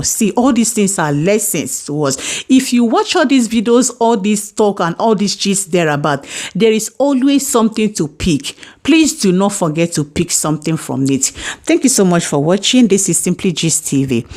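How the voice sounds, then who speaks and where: A woman's voice: fairly low pitch, a little mellow. A woman hosting a gossip channel, giving preachy advice and speaking directly to viewers. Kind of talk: commentary and sign-off.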